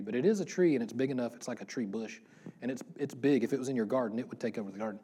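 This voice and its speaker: A man's voice: mid-range voice, rapid-fire, dark tone, breathy edge. A man pastor giving a casual, interactive sermon, asking the congregation questions and laughing often. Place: church room before a congregation.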